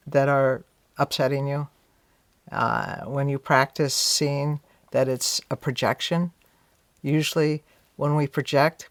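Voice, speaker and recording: A woman's voice: low voice, no room sound. A woman being interviewed, telling a story in a reflective, conversational way, often saying "you know" and voicing her own past thoughts aloud. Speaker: interview guest.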